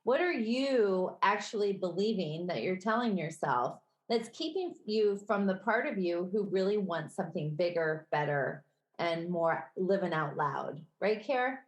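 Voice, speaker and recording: A woman with a Midwestern accent co-hosting a podcast in casual chat, conversational and quick to laugh. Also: on the low side, animated. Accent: Midwestern American. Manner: conversational, laughs easily, self-correcting. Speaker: podcast co-host. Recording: roomy echo.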